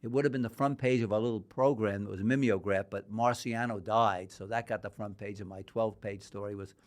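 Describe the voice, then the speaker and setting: A man's voice: fairly low pitch, fairly even intonation, brisk. An older man from New York, a guest in a podcast interview, telling long rambling anecdotes and acting out the dialogue. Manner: rambling anecdotal storyteller, acts out quoted dialogue. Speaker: guest, boxing historian.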